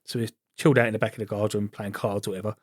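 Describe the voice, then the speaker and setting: Fast-talking army veteran. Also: male voice, on the low side, little pitch movement, dry recording, studio quality. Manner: quick, chatty, laughs at his own stories. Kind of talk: casual podcast chat, storytelling.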